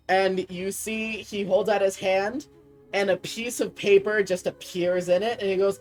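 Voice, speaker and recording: A woman narrating as game master, relaxed and chatty, with frequent fillers and laughs. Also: mid-range voice, moderate pace, soft background music.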